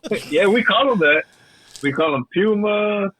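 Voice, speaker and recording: Middle-aged man, bright voice, easygoing casual chat. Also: sits high, lively intonation, slow, husky, poor audio. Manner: easygoing, switches between English and Spanish. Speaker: podcast guest.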